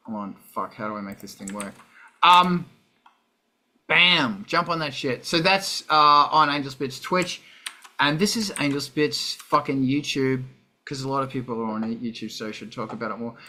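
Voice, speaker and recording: A man's voice: medium pitch, pushed and bright. A man with an Australian accent hosting a casual live stream, rambling and swearing often. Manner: rambling, profane, sidetracked. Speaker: livestream host.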